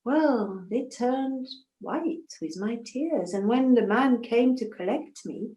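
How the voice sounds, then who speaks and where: A woman's voice: a little high, expressive, takes it slowly, dark tone, reverberant. A woman storyteller telling a folktale in the first person, intimate and emotional, with asides to her listeners.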